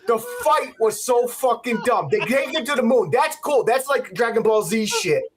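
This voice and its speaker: A man's voice: very high voice, expressive, moderate pace, a little hiss or hum. Heated, profane man ranting about a movie. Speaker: podcast co-host. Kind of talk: casual ranting movie recap. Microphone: home podcast mic.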